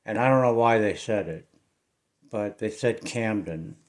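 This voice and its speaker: A middle-aged man with a Southern US accent, telling a ghost story in a casual, rambling way to his viewers, often trailing off into quiet mumbles. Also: fairly low pitch, unhurried. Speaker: paranormal investigator vlogger.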